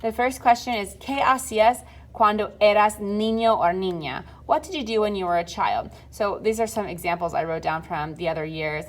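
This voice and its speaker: A woman's voice: mid-range voice, moderate pace. Young adult female teacher, patient and methodical, mid-range voice, walks students through drills. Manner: patient, drilling conjugations aloud. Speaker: Spanish teacher. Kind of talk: recorded classroom lesson.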